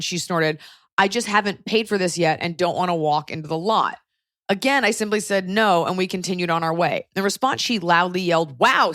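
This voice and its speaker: A young adult woman hosting a podcast, reading a listener's letter aloud with animated, comic asides. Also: mid-range voice, no echo, clean studio sound. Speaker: podcast host.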